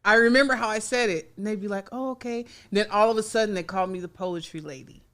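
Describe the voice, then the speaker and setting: A woman in her forties chats as a guest in a podcast studio. She tells stories in a loose, lively way, with plenty of fillers. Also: medium pitch, fast. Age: 40s. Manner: chatty, lively storytelling with frequent fillers and laughter. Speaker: guest artist. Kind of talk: casual interview chat.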